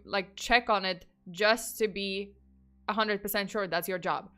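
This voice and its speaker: Woman, casual true crime storytelling, digressive and chatty, sharp bright tone, faint music behind. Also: mid-range voice, normal speed. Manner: chatty, digressive, with frustrated outbursts.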